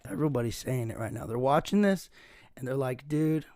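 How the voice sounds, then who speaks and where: A man with a hoarse, raspy voice hosting a casual solo podcast, rambling and self-mocking and saying "dude" a lot. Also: medium pitch, lively intonation, fast talker, a little mellow, no echo, studio quality. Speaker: podcast host.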